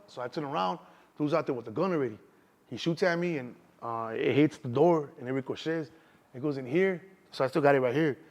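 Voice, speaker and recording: A man's voice: mid-range voice, gravelly. A middle-aged man with a Chicago accent, telling stories in casual street slang in an interview. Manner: streetwise slang, keeps saying "you know what I'm saying". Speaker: interview guest. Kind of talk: casual storytelling.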